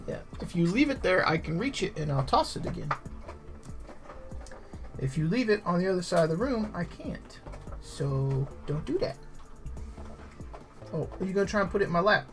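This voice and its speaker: A man's voice: high voice, sing-song, normal speed, long pauses, faint music behind. A man streaming a hobby painting session, chatting casually and using affectionate baby talk with his dog. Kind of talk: casual chat while playing with his dog.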